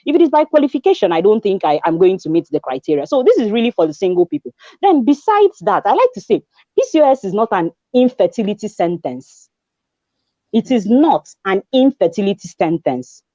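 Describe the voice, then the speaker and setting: Animated Nigerian woman telling a story. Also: mid-range voice, fast talker, dry recording, lo-fi sound. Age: 20s. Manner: animated storyteller, acts out dialogue, mixes in pidgin. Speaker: guest. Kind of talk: conversational testimony.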